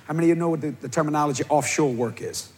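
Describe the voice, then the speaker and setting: A man with a Cajun accent preaching a comedic sermon, telling stories loudly and often breaking into shouts. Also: a little high, rapid-fire, slight background noise. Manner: animated, loud storytelling with bursts of shouting. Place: church hall before a live audience.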